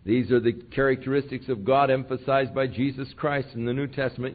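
A man preaching a sermon who reads scripture aloud with slow, emphatic stresses. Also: mid-range voice, fairly even intonation. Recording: tinny phone-like sound.

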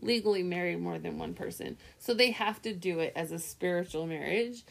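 A woman's voice: lowish voice, a little fast, vocal fry, a bit bright. A woman co-hosting a casual chat, talking emphatically and laughing often. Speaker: co-host. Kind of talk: casual chat reviewing a reality show.

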